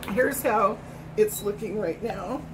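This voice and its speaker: A woman's voice: medium pitch, takes it slowly, heavy background noise. A middle-aged woman from Hawaii cooking in her home kitchen, chatting in a rambling way as she tastes and snacks. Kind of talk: casual cooking chat.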